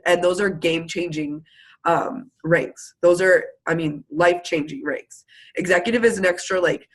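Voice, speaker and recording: A woman giving an energetic motivational talk to her sales team, chatty and quick in bursts. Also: lowish voice, rough recording. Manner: fired-up, chatty, fast bursts, frequent "like" and "literally". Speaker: network marketing team leader. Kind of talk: motivational live video talk.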